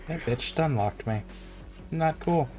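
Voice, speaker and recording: A man's voice: fairly high pitch, lively intonation, takes it slowly, darkish tone, soft background music. A man streaming a video game, chatting casually with viewers and ranting with plenty of swearing. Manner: profane, ranting, jokey. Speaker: livestream gamer. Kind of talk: casual gaming livestream chat.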